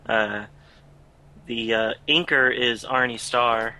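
A man's voice: medium pitch, fairly even intonation, takes it slowly, sharp tone, low-quality recording. A man co-hosting a podcast, talking casually and questioning details with a few restarts. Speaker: podcast co-host. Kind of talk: casual chat.

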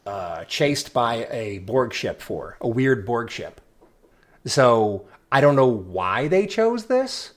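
A man co-hosting a podcast, chatting casually, opinionated and dry with deadpan asides, sometimes tripping over his words. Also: mid-range voice. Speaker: podcast co-host. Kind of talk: casual chat.

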